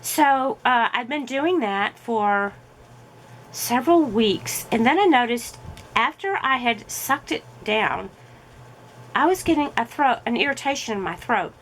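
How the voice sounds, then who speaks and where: A woman's voice: fairly high pitch, expressive, a little slow, slight background noise, low-quality recording. A middle-aged woman vlogging casually while crafting, telling a story in a chatty way with fillers as her voice recovers.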